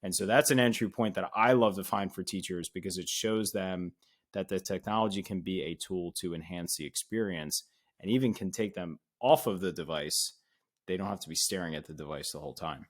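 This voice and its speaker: A man's voice: low voice, brisk. A man on an education podcast, explaining things in a casual way with small restarts.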